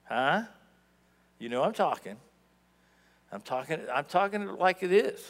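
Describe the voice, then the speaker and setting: A long reverb from the church sanctuary surrounds this pastor's sermon. At a measured pace, his slightly high male voice swoops in lively fashion, shifting between loud outbursts and quiet asides.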